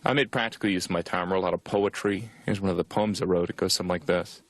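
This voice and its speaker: A man from Indiana voicing a cartoon comedian in therapy, delivering a dry, deadpan stand-up monologue. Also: deep voice, quick pace, dry recording.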